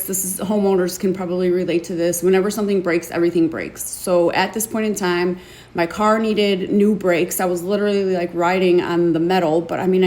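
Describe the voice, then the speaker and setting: A woman hosting a show, telling her own story to an online audience in an earnest, emotional, confiding way, halting and repeating words as she gathers her thoughts. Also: fairly low pitch, a little mellow. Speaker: podcast host. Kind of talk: candid personal testimony to an online audience.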